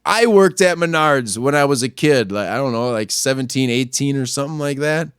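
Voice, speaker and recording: A man hosting a podcast, delivering a crude, angry rant that swings between low muttering and yelling. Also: lively intonation, brisk, clean tone, no echo, clean studio sound. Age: adult, not much older than a young store clerk. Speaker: podcast host. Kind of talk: profane ranting monologue.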